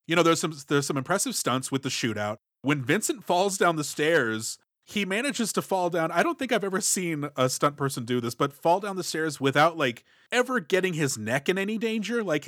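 A man with a somewhat high voice, co-hosting a film podcast and picking apart scenes in an analytical, measured way. The recording is close and dry, with no room sound. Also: big pitch swings, a bit bright, dry recording. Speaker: podcast co-host. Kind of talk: casual movie-review chat.

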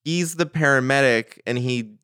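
A man in casual podcast chat, animated with sarcastic asides. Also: mid-range voice, normal speed, smooth, no room sound, clean studio sound. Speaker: podcast co-host.

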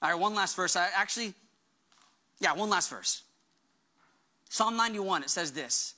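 A woman's voice: on the low side, lively intonation, normal speed, long pauses, sharp tone. A woman pastor delivering a sermon with emphatic preaching, acting out the words she quotes.

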